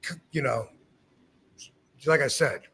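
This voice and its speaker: A middle-aged podcast host with a husky, medium-pitched voice speaks slowly. He tells a story casually and with animation, acting out what other people said and restarting often.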